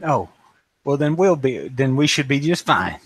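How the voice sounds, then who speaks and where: A man's voice: mid-range voice, sing-song, moderate pace, husky, no room sound. A man playing his character at a tabletop game, breezy and reassuring. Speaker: player.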